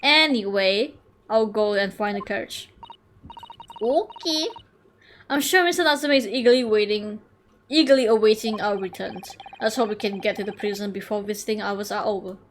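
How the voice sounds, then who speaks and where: A woman voicing a polite, earnest young Japanese lawyer man in a quiet, low-key tone. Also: normal speed, slight background noise, close to an everyday voice.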